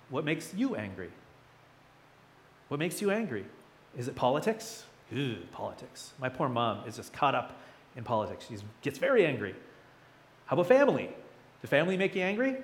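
A man's voice: a little high, a little hiss or hum. A man in his thirties preaching a sermon as a pastor, conversational and chatty, with playful asides.

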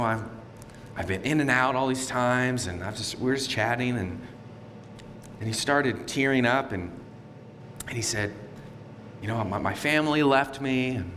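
A man in his thirties preaching a sermon as a pastor, telling a personal story with lively acted-out inner dialogue. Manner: animated storytelling, acting out his own inner voice. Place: church sanctuary. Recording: long hall reverb, faint low rumble.

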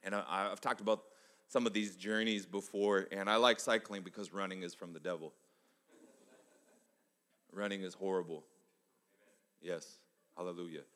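A man preaching a sermon, telling a personal story in an animated way that swings between soft and loud. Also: deep voice, moderate pace, pauses often. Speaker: pastor. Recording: long hall reverb.

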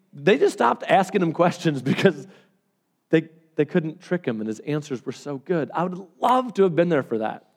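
A man delivers a sermon as a pastor, telling stories and swinging animatedly between loud and hushed speech. His voice sits high.

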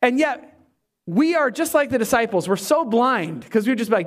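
A pastor delivering a sermon, emphatic and animated, with humorous asides to the congregation. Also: male voice, extremely high pitch, moderate pace.

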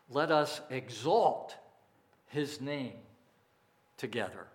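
A male pastor delivers a sermon at an unhurried, measured pace. His voice sits in a middle pitch, and he leans on key phrases with emphasis. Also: lively intonation. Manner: slow, deliberate preaching with emphatic phrasing.

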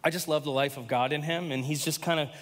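A man's voice: on the high side, steady tone, fast talker. Fervent male preacher in a reverberant hall. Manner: impassioned, emphatic preaching. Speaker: pastor. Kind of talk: sermon. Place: church hall, live. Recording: long reverb of a church hall.

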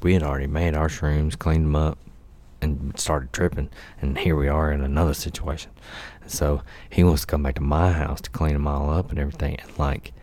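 A man's voice: a bass voice, dark tone. A middle-aged man telling a long story in a casual, profane, laid-back way, laughing often and acting out the quotes. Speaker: podcast host telling life stories.

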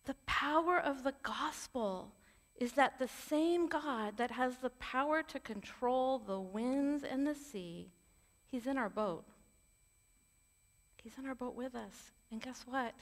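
Speaking slowly in a high-pitched voice, this female preacher delivers her sermon earnestly and conversationally, slipping in frank personal remarks. The audio carries a long, hall-like reverb.

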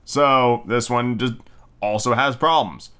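Taking his time in a medium pitch, the host sounds pushed, bright and smooth as he chats solo through a movie review. It's a rambling, profane ramble with plenty of ums and restarts, plus jokey mocking impressions of the characters.

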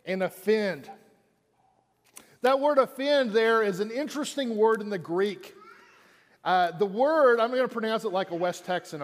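A man's voice: sits high, big-room sound. A man preaching a sermon in an auditorium, in a conversational way that repeats lines for emphasis. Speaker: pastor.

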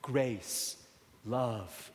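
Guy preaching a sermon, chatty, asks the room questions, goes soft n tender sometimes, long church echo. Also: mid-range voice, drawn-out words, a little hiss or hum. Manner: conversational, asks rhetorical questions, drops to soft tender tones. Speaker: pastor. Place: church sanctuary. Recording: long hall reverb.

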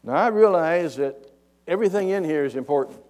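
A man's voice: fairly high pitch, animated, brisk, darkish tone. A male preacher giving a folksy, conversational sermon.

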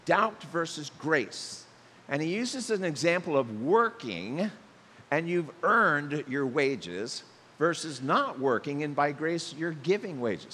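A man's voice: a little high, fairly bright tone, in a large hall. A man preaching a sermon as pastor, telling stories with animation and acting out the voices of the people he quotes.

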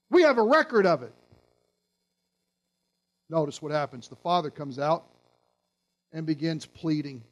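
A man's voice: a little high, very animated, a little slow, long pauses. A male pastor giving a sermon, emphatic and asking his listeners questions.

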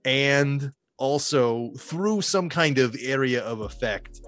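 A man co-hosts a comedy podcast and recaps a movie with dry sarcasm, a few curse words and plenty of ums. His voice sits in an ordinary middle pitch, with soft music playing faintly in the background. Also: lively intonation, slow pace. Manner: sarcastic, swears freely, many filler ums. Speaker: podcast co-host. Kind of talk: casual comedic movie-review chat.

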